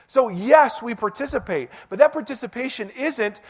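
Male pastor, middle-aged, high voice, casual self-mocking sermon delivery. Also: normal speed, slightly rough. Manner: conversational, self-deprecating, animated preaching.

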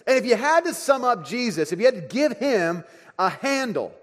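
In a sermon recorded with long hall reverb, a pastor in his thirties recounts a family story, alternating soft asides with excited bursts. His voice is very high-pitched and moves at a moderate pace.

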